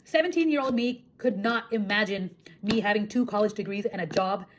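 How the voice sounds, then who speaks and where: A young woman from India talks straight to her viewers in a casual, chatty vlog voice. Her pitch sits in a middle range. She fills her storytelling with "like" and "um", and faint background noise runs under the recording. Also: a little fast. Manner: chatty, animated retelling with frequent fillers. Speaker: vlogger.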